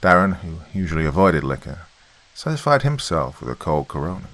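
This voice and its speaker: Very deep-voiced male horror narrator. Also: very animated, brisk, fairly bright tone.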